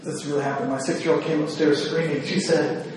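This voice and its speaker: A man with a fairly high, darkish voice, a psychiatrist, speaks a little fast and flatly to a women's gathering, earnest, self-deprecating and slightly nervous as he restarts sentences. The echoey hall, distant mic and slight background noise shape the recording.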